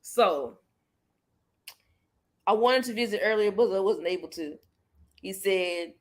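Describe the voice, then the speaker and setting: A woman's voice: mid-range voice, slow pace, long pauses. A woman hosting a casual commentary chat, joking and laughing often. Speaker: host.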